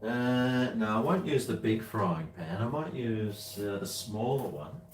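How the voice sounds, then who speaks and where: A man's voice: on the low side, animated, a little slow, roomy sound, far from the mic. A man with an Australian accent, chatting bluntly and rambling while he cooks in his home kitchen, swearing freely. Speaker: cooking vlogger. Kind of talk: casual talk to camera while cooking.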